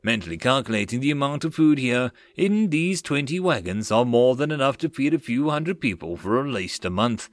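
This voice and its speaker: A man narrating a web novel audiobook in a lively, expressive way. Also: medium pitch, moderate pace, hardly any pauses, no room sound.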